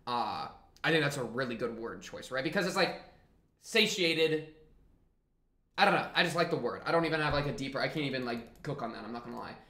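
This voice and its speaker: Male reaction host, bright slightly high voice, loose rambling commentary, echoey room. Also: fairly quick. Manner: rambling, animated and jokey, then winds down to a quieter reflective tone. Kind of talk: casual commentary to camera.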